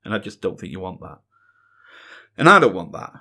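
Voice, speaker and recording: A man's voice: low voice, very animated, a little fast, bright, forceful tone, breathy edge. A middle-aged man, talking earnestly in a casual solo Q&A and repeating phrases for emphasis. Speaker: music reaction channel host.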